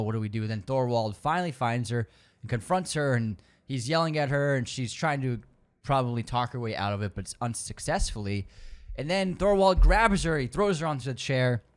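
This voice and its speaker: Excitable man gushing about a film. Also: mid-range voice. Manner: excitable, acts out scenes with sudden loud bursts. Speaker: podcast co-host. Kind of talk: casual film discussion.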